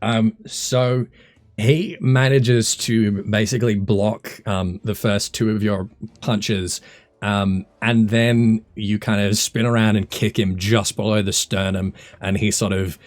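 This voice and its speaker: A man's voice: fairly low pitch, takes it slowly. A man narrating combat as game master of a tabletop game, easygoing and full of filler words. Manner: relaxed, many fillers and restarts while narrating combat.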